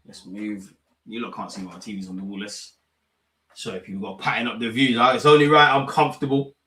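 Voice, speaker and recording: A young man hosting a live football watch-along, talking in slang, animated and prone to bursts of excitement. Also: on the low side, fairly quick, slightly rough.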